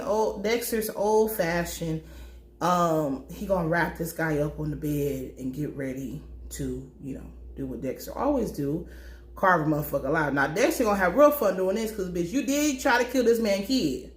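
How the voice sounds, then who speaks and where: A woman giving a casual, blunt and profane recap of a TV episode, telling it in an animated way. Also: on the low side, moderate pace, roomy sound. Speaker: TV recap commentator.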